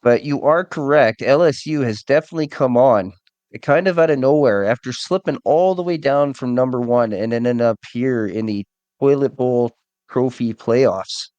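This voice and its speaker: A man doing casual play-by-play commentary on a video game league stream, relaxed and joking, still getting over a cold. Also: medium pitch, moderate pace, clear, resonant tone, dry recording, lo-fi sound. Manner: relaxed, jokey, rambling. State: recovering from a cold.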